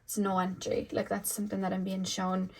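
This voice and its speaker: A woman's voice: mid-range voice, completely flat delivery, a little fast, noisy background. A young woman doing a casual tarot reading, chatty, with many fillers. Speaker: tarot reader.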